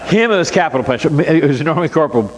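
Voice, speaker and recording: Older pastor with a wry laugh, echoing hall. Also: male voice, a little high, expressive, racing, crowd noise. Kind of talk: storytelling sermon.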